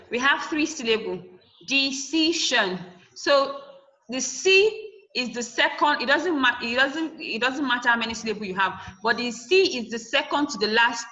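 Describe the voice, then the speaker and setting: A woman's voice: fairly high pitch, bright, forceful tone. A woman teacher giving a classroom English lesson, spelling out word endings letter by letter and repeating each example word. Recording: dull lo-fi classroom recording.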